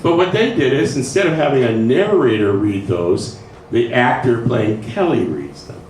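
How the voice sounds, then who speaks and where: A man's voice: mid-range voice, expressive, normal speed, darkish tone. Man teaching playwriting in an echoey room. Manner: conversational, checks in with listeners often. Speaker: writing workshop presenter. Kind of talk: informal lecture to a writing group. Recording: echoey room, faint noise, mic far off.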